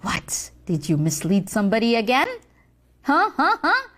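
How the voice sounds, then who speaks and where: A woman's voice: fairly high pitch, huge pitch swings, moderate pace, a bit bright. A woman playing a boastful, scheming devil boss in a comedy sketch, gloating and scornful, with theatrical whispers. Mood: eager.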